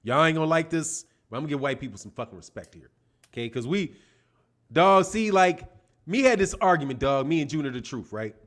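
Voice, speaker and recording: A man's voice: on the high side, animated, a little fast, fairly bright tone. A man hosting a boxing live stream, rambling and profane in casual chat. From Chicago. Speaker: boxing show host.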